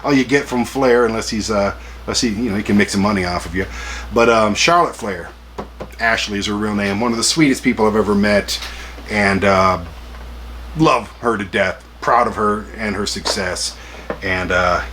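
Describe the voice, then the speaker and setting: A man's voice: lowish voice, moderate pace, fairly bright tone, a little hiss or hum. A man in his forties hosting a collecting vlog, chatty and jokey with self-deprecating asides. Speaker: collector vlogger. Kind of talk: casual rambling vlog.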